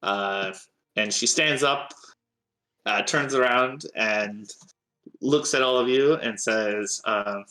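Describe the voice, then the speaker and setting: Bright-voiced male game master. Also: fairly low pitch, slow. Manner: hesitant, lots of filler sounds. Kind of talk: narrating a tabletop game.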